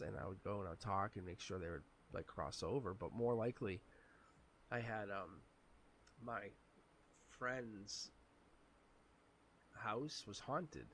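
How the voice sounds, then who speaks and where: Raspy man, tarot reader on a live stream; animated, chatty, laughs often. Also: fairly low pitch, a little hiss or hum.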